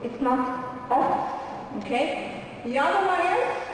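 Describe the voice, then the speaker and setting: A woman's voice: high voice, unhurried, darkish tone. A woman with an Egyptian Arabic accent, an English pronunciation trainer running a live workshop, demonstrating sounds and checking in with "okay?". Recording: echoey hall from far off, faint room noise.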